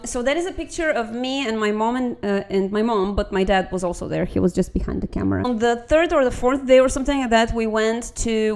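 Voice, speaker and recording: A young woman who is not a native English speaker, casually and animatedly telling a travel story as a vlogger, swearing now and then. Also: fairly high pitch.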